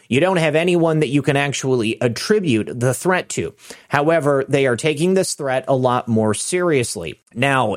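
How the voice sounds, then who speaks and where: A man hosting opinionated political commentary, sarcastic and indignant. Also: mid-range voice. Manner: sarcastic, indignant, chuckling asides.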